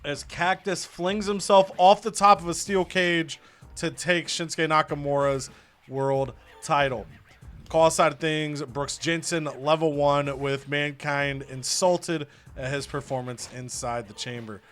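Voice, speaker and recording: A man runs through match results in a casual, excitable commentary style, breaking into loud laughs now and then. His voice is bright and sits a little high. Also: measured pace. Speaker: host.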